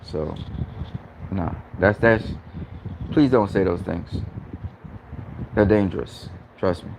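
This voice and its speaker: A man's voice: low voice, takes it slowly, gravelly, noisy background. A man hosting a casual live stream, talking earnestly and repeating himself with stammering restarts. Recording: lo-fi, faint background ambience.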